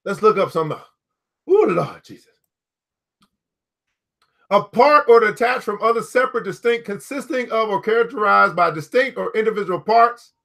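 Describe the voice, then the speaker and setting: A man's voice: high voice, animated, normal speed, creaky, pauses often, a bit bright. A man hosting a book club, reading aloud to a live audience and riffing on it with emphatic, playful repetition. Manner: emphatic and playful, repeating key phrases.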